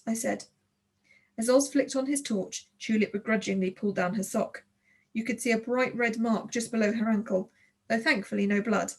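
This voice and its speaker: A woman narrating a children's audiobook in the first person, with expressive storytelling. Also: a little high, moderate pace, breathy edge.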